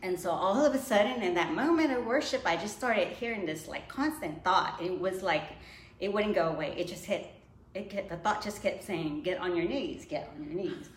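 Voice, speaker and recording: Laughing frequently, a female guest recounts her personal faith journey in a relaxed chat, voicing what she used to think. She speaks at medium pitch and moderate speed, and the room is echoey with a little background noise.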